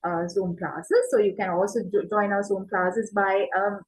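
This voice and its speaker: A woman's voice: mid-range voice, steady tone, low-quality recording. Hesitant middle-aged woman tutor. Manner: hesitant, lots of 'like' and 'uh', quick bursts. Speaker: English test tutor. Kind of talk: promotional pitch for classes.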